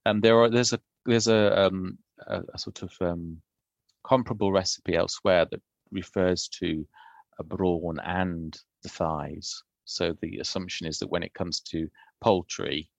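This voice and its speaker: A man, a food historian, explaining old recipes in a thoughtful, unhurried podcast conversation. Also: deep voice, fairly even intonation, gravelly, dry recording.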